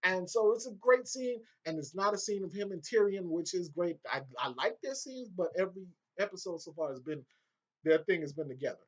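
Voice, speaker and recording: Guy ranting about an episode, swears a lot, pitch jumps all over, dull lo-fi audio. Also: brisk. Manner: excitable, profane, breaks into laughter. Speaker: video reviewer. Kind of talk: casual excited episode recap.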